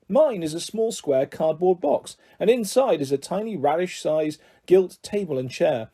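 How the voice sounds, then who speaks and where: A man reading a children's novel aloud in gentle, expressive first-person narration. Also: fairly high pitch, husky. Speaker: audiobook reader.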